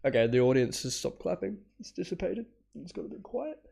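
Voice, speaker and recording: A man's voice: on the high side, sing-song, fairly quick, creaky, background noise. A man with a cold, sniffling and stuffy, rambling casually through a live reaction stream, laughing, swearing now and then, and humming bits aloud. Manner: hums parts aloud.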